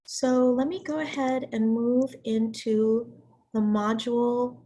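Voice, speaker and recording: A middle-aged woman, hoarse and raspy from illness, giving a college writing lecture over a video call. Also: a little high, fairly even intonation, slow, warm tone. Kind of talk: online class lecture. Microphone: computer mic on a video call.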